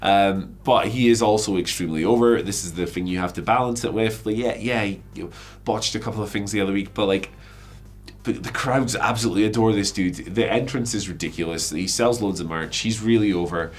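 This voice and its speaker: Hoarse, low-voiced man. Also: brisk. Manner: chatty, self-mocking, lots of fillers. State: hoarse with flu. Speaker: wrestling news host. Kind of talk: casual news commentary.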